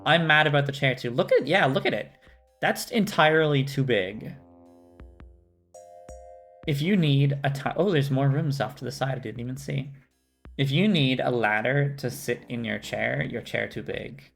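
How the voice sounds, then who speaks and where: A man's voice: medium pitch, normal speed, creaky, a bit bright, soft background music. A man casually commenting on a game during a live stream, amused and swearing freely.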